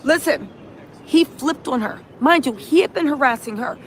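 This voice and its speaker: High-voiced woman streamer, animated. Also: normal speed, a little hiss or hum. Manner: animated, acts out quotes in a shrill yelling voice; reads viewer comments and greets chat. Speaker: reaction streamer host. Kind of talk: casual live-stream commentary.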